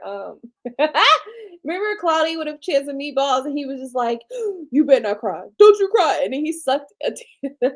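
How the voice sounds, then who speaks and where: Animated high-voiced woman chatting to viewers. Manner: animated, swings from low murmurs to high excited squeals; chatty and slangy, talks to viewers as y'all. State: tired late at night. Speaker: livestream host. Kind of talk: casual livestream chat.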